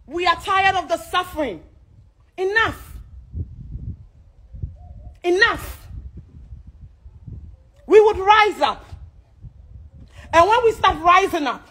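A Ghanaian woman with a strikingly high voice rants about the cost of living. She is loud, fearless and fiery, cursing freely as she speaks. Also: lively intonation, takes it slowly, pauses often, poor audio. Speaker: social media commentator. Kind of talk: angry political rant.

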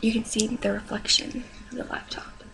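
A young woman talks her viewers through her things in a soft, slow, rambling way. Her voice has a gravelly fry at the edges. It comes through a webcam with a clear hiss underneath. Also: on the high side, level tone. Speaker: beauty vlogger. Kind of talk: casual show-and-tell vlog. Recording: noisy webcam recording.

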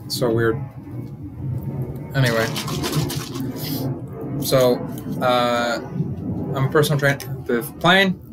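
A man's voice: medium pitch, takes it slowly, pauses often, over music. Rambling young comic host, man. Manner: rambling, joking, self-interrupting. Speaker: comedian and podcast host. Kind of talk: casual comedic monologue.

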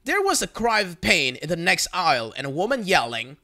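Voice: medium pitch, big pitch swings, brisk, few pauses, bright, forceful tone. A narrator reading online forum stories aloud in a plain storytelling manner.

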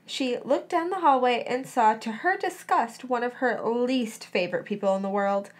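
A woman's voice: on the high side, moderate pace. A woman hosting a podcast, reading a story aloud expressively and chatting casually between passages. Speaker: podcast host reading fan fiction aloud.

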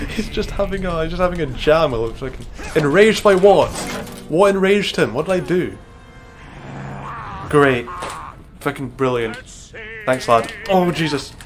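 A young man livestreaming a game, swearing and exclaiming at everything on screen. His voice sits a bit high, and game music plays clearly behind him. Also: slow pace, pauses often. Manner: excitable, swearing, bickering and exclaiming. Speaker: streamer. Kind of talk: live gaming stream banter.

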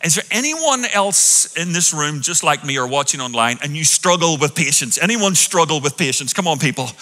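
A man from Europe, a pastor preaching a sermon in a big church, animated and quizzing his congregation with questions. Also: fairly high pitch, moderate pace, long reverb tail. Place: large church hall with an audience.

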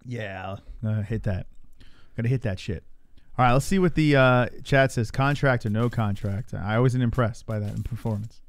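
A man's voice: mid-range voice, normal speed, no echo. Chill guy on a livestream, jokes and swears a lot, dry close sound. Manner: laid-back, swearing, joking. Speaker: stream host. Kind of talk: casual live reaction chat.

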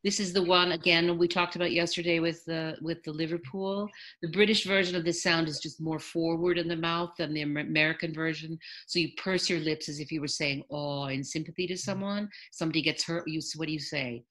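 A woman dialect coach teaching a workshop, demonstrating sounds slowly and deliberately by example. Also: low voice, steady tone, fairly bright tone.

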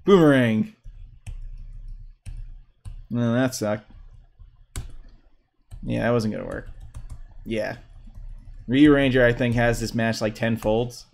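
A young man livestreaming a fighting game, commenting excitedly, trash-talking opponents and whooping at big hits, with keyboard clicks behind him. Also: mid-range voice, slow pace, creaky, pauses often. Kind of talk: live gameplay commentary.

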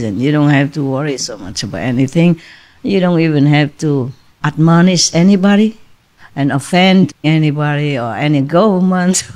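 A woman's voice: low-pitched, a little mellow. Weary, chuckling woman spiritual teacher. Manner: chatty, laughs often between lines; weary, confiding tone. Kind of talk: spiritual talk to disciples.

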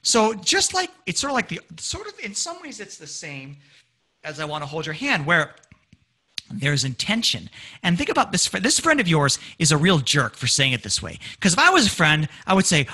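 A man giving a public music lecture, animated and acting out lyrics in dramatic voices for his audience. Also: fairly high pitch, normal speed, breathy edge. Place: community presentation room.

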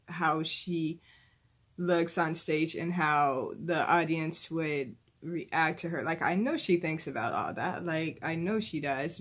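A woman's voice: low voice, breathy edge. A young woman hosting a reaction video who chats casually and rambles as a fan, with lots of "like" and "you know". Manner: fan talk about a singer, breaking into giggles.

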